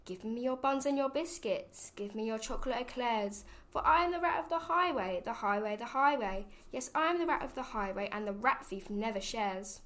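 A woman's voice: on the high side, lively intonation, normal speed, few pauses, fairly bright tone. A woman voicing a greedy, swaggering male rat robber who bullies travellers in a storybook. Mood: boastful. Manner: boastful, bullying, chanting his rhyme.

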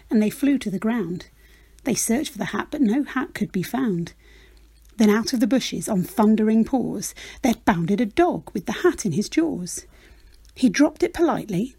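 Woman storyteller, children's rhyme read-aloud, lively swooping pitch, gravelly husky voice. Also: normal speed, no room sound. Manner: rhythmic, expressive rhyming delivery.

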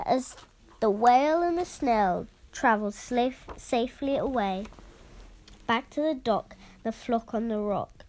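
A woman reading a rhyming picture book aloud, in a lilting delivery that drops to soft whispers at times. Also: fairly high pitch, expressive, a little slow, rough recording. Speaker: storyteller.

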